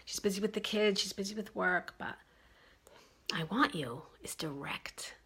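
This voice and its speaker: New lady giving marriage advice, husky breathy voice, keeps repeating her point. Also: mid-range voice, unhurried, sharp tone. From Brooklyn, New York. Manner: emphatic, repeats key phrases. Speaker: relationship advice speaker. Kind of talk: advice monologue.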